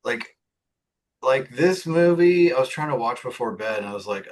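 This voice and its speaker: A man's voice: mid-range voice, lively intonation, normal speed. A man co-hosting a podcast, talking about a movie in a laid-back way, full of fillers and hedges. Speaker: podcast co-host. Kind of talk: casual film discussion.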